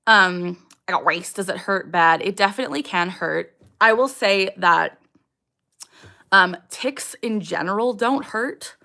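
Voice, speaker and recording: Gravelly bright-voiced young woman streamer. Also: mid-range voice, unhurried. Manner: candid, with frequent ums and vocal tics. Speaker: livestream host. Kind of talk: casual livestream chat, reading viewer questions.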